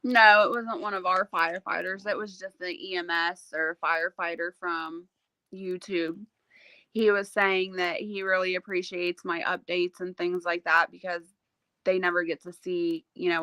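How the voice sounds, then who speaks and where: A woman hosting a casual livestream, telling stories in a chatty, animated way and laughing often. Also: on the low side, normal speed, dry recording. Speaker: livestream host.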